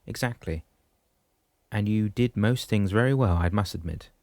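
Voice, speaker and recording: A man reading as a genial older mentor who teases gently. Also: lowish voice, moderate pace, no echo, close to an everyday voice. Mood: teasing.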